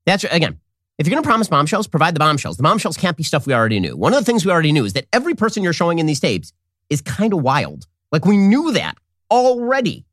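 A man hosting opinionated political commentary, sarcastic and rapid-fire. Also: a little high, huge pitch swings, a bit bright, no echo, clean studio sound.

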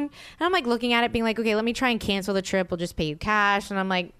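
A young adult woman hosting a casual podcast, telling a story in a lively way and acting out the quotes. Her voice is smooth and clear. It is recorded close and dry. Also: medium pitch, rapid-fire, no echo. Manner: animated, acts out quotes, swears freely. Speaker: podcast host.

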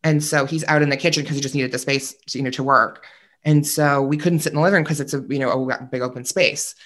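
A man as a podcast guest in casual chat, telling animated stories with lots of "like" and fillers. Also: a little high, quick pace. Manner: animated storyteller, chatty with many fillers.

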